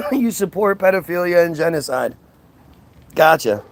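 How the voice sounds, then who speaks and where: A man's voice: a little high, lively intonation, a little slow, no echo. A man on a livestream ranting at his chat, combative and mocking as he reads out comments and argues back. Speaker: live streamer. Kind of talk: livestream rant, reading out and answering chat.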